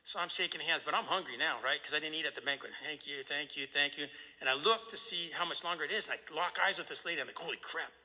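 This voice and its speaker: A man speaking at a recovery meeting, telling a personal story in an animated way and often asking "right?". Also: a little high, very fast, hardly any pauses, big-room sound.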